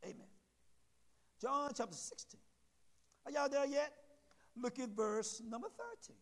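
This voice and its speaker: A pastor preaches to his congregation in a very high voice. He drags out the scripture words for emphasis and keeps checking that everyone is following along. His voice rings out with a long reverb tail. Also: lively intonation, unhurried, a bit bright. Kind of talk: sermon.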